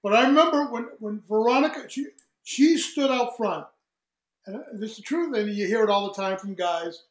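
Man, high voice, animated storyteller, acts out quotes, casual interview, roomy echo. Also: normal speed. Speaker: guest, singer.

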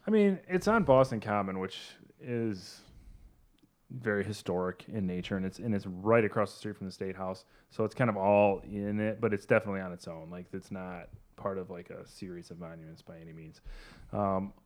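A man's voice: deep voice, normal speed, a little mellow. A man co-hosting a podcast in casual chat, rambling and self-deprecating with many fillers. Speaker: podcast co-host.

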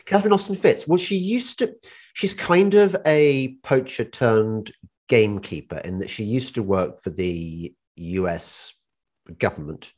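A man's voice: medium pitch, lively intonation, unhurried, darkish tone, husky. A man hosting a casual interview, asking rambling questions and telling anecdotes.

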